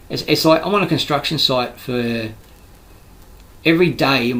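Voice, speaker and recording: A man's voice: mid-range voice, a little slow, fairly bright tone, poor audio. A man with an Australian accent, a construction worker delivering a rambling, heated, profane monologue full of restarts. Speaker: construction worker giving his views.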